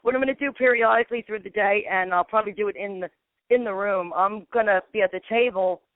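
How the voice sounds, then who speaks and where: Over a tinny, dry phone line, a woman who investigates the paranormal rambles through a long story at a quick pace in a medium-pitched voice. She acts out the dialogue with "I'm like," and there's no room sound.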